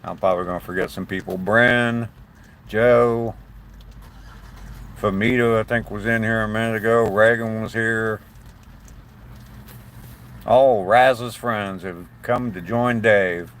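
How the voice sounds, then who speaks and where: Hosting a live stream, a chatty older man from southern Ohio rambles on and greets viewers by name, friendly toward the chat, with a slight southern twang. His voice is fairly low and fairly bright in tone, with fairly even intonation, a slow pace, and long pauses.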